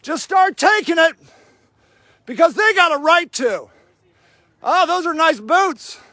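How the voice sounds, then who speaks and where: A man livestreaming from an outdoor camp in the snow, shouting angry and sarcastic reproaches at people in front of him while filming on his phone. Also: extremely high pitch, expressive, slow, no echo. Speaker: activist filming a camp sweep. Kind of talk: livestreamed street confrontation.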